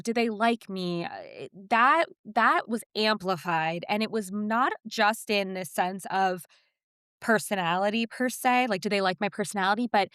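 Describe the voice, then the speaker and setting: A woman in her thirties co-hosting a podcast, talking candidly and self-deprecatingly about her fears, lively when she quotes herself. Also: mid-range voice, clear, resonant tone, no room sound, clean studio sound. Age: 30s. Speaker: podcast co-host. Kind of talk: casual chat.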